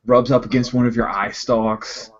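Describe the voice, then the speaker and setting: A man narrating as game master, with relaxed, loose storytelling. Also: mid-range voice, normal speed, lo-fi sound.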